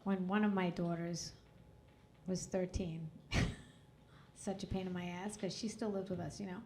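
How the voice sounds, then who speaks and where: A woman's voice: fairly low pitch, level tone, normal speed, warm tone. A middle-aged woman performing a crude, self-mocking stand-up comedy set on a club stage into a handheld mic. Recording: live club with crowd laughter. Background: audience laughter.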